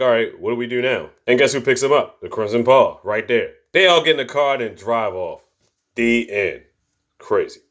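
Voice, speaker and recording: A man's voice: mid-range voice, fairly bright tone. A man casually recapping a film's plot, slangy and profane, acting out the characters' lines as he retells it. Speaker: movie reviewer.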